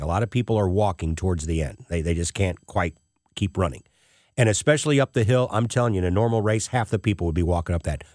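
A man's voice: on the low side, darkish tone, no room sound, studio quality. A middle-aged man hosting a show, telling a personal story in an emotional, tearful way. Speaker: host.

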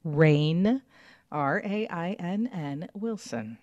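A woman's voice: fairly low pitch, lively intonation, very slow, darkish tone, no echo, highs cut off. A woman co-hosting a radio show, chatting in an upbeat way with plenty of fillers. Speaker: radio co-host. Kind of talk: casual on-air chat. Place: radio studio.

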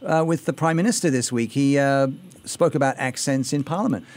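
A man's voice: mid-range voice, brisk, darkish tone. A man with an Australian accent hosts a radio talk show from a studio mic. He sounds easygoing, steering the chat with light prompting questions. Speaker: radio host.

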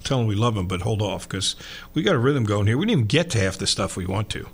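Male sports radio host, gravelly voice, loose chatty delivery. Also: lowish voice, lively intonation, fast talker. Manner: loose and chatty, lots of fillers. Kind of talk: casual radio chat.

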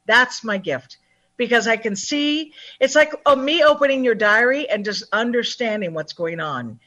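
A woman talking as a numerologist guest in an interview, upbeat and chatty, acting out other people's lines in lively voices. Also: a little high, normal speed, dull audio. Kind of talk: phone-in interview, animated and chatty.

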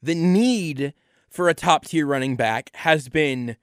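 A man's voice: on the high side, slow pace, clean tone, no room sound. Opinionated man, dry close sound. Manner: opinionated, repeats words for emphasis. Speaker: sports podcast host. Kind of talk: solo football analysis monologue.

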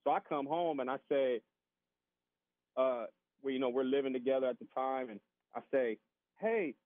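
A man telling a casual, animated story as a podcast guest, acting out the voices of other people and often repeating his words. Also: mid-range voice, moderate pace, dry recording. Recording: tinny phone-line sound.

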